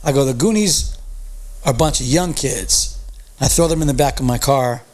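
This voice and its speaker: A man's voice: mid-range voice, normal speed, darkish tone. A man guesting on a podcast, telling a story casually and acting out the quoted dialogue in a raised voice, with loose, profane street talk. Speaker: podcast guest, music promoter.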